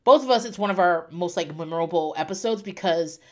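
A woman's voice: lowish voice, fairly quick. A woman in her thirties, a podcast host, telling a personal story in a casual, chatty way, with lots of fillers and restarts. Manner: chatty, tearful-then-laughing storyteller with frequent fillers.

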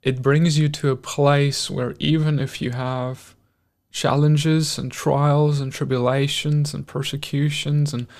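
A male preacher delivers an earnest, emotional sermon in an unhurried, drawn-out cadence. His fairly high voice carries a gravelly fry, and he often stumbles and repeats words as he works through his thoughts. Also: level tone, darkish tone. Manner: earnest and emotional, with halting repetitions.

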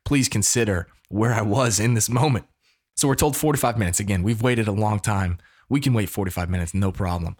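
A man in his thirties from the United States, telling a story casually in an animated, preacher-like way. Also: lowish voice, fairly quick. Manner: animated, preacher-like call-and-response.

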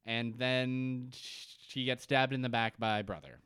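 A man's voice: medium pitch, steady tone, a little slow, a bit bright, clean tone, no room sound. A man co-hosting a casual comedy podcast, sarcastic and swearing, who acts out scenes in mocking voices. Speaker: podcast co-host. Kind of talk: casual comedic recap chat.

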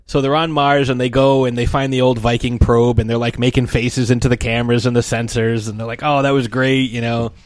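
A man's voice: medium pitch, a little fast, few pauses, no room sound. A man talking casually and animatedly, retelling comic strips and briefly acting out the characters' voices. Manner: animated storytelling, acts out the characters' lines.

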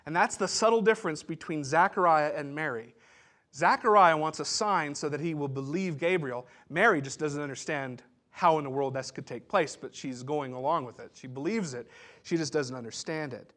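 A man's voice: a little high, normal speed, a bit bright. A man pastor giving a sermon, teaching in a conversational way with asides and restarts.

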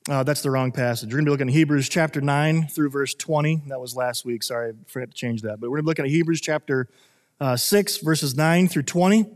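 A man's voice: mid-range voice, fast. A male pastor preaching a sermon in an earnest way, with many fillers and restarts. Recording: long reverb of a hall.

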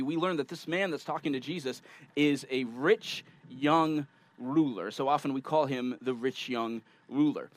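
A man preaching a sermon, reading scripture aloud and explaining it in a conversational, animated way with asides to his listeners. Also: medium pitch, dry recording, poor audio. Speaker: pastor.

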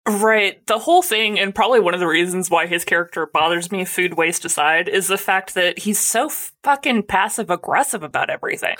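A woman's voice: lowish voice, a little fast, few pauses, a bit bright. A young woman co-hosting a casual chat, laughing often, swearing freely and voicing irritation. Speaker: podcast co-host.

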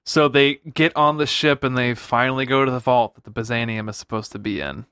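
Male podcast co-host, smooth clear mid voice, easygoing and quick to laugh, dry close mic. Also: mid-range voice, fairly bright tone, no echo. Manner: laid-back, laughs often while talking. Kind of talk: casual chat recapping a movie.

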